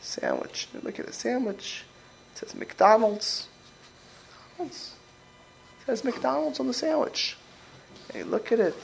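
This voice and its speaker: Animated male rabbi teaching a class. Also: very high voice, measured pace, gravelly, long pauses, slight background noise, low-quality recording. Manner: animated, repeats words, acts out quoted speech. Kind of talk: informal religious class with audience questions.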